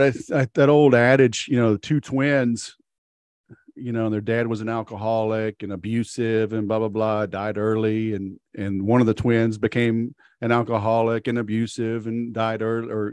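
A man's voice: on the low side, clear, resonant tone, no echo. Rambling male podcast host, dry sound. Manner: rambling storyteller, many fillers and restarts; acts out quoted characters in a sharply raised voice. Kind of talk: casual interview chat.

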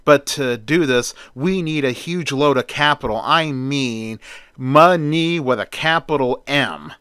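An excitable scientist who swings between eager and fretful, as a male storyteller puts him on. His voice sounds bright and crisp, recorded close and dry with no room echo. He talks like someone whose worries are never far from the surface. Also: mid-range voice, measured pace, natural voice.

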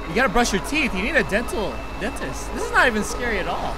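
High-voiced excitable gaming commentator. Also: male voice, fast, hardly any pauses, noisy background. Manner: excitable, yelps and screams at jump scares. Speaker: gaming YouTuber. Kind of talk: horror game let's play commentary.

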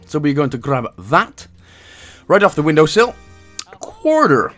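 Welsh guy doing a game walkthrough, kinda high voice, jokes around and chuckles between steps. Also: very animated, moderate pace, a bit bright, faint music behind. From Wales. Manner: jokey, chuckling asides between instructions. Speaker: gaming guide host.

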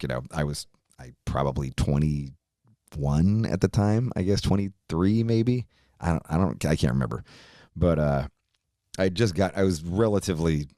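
Low-voiced man telling a rambling story. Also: warm tone, no echo, clean studio sound. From Virginia, USA. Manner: profane, rambling, laughs often while telling. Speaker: podcast guest. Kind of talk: casual storytelling.

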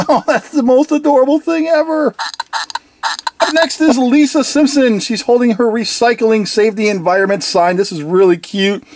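A toy reviewer in a casual video review who giggles often, sounds excited, and playfully copies the toys' catchphrases. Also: medium pitch, a little hiss or hum. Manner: giggly and enthusiastic, laughs often.

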